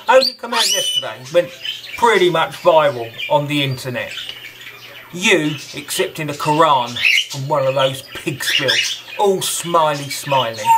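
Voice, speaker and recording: A man delivering an angry, confrontational monologue straight to the listener, scornful and deliberate. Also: fairly high pitch, very noisy.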